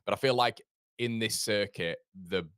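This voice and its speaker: Male football streamer, low voice, dry close sound, chatty and rambling, greets viewers by name. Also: normal speed, a bit bright, clear, resonant tone, no room sound. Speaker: football channel host. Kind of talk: casual live-stream chat.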